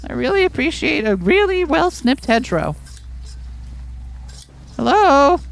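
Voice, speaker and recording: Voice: high voice, gravelly, poor audio. A game player commenting and reading game text aloud in a playful, joking way. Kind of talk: let's play commentary and reading.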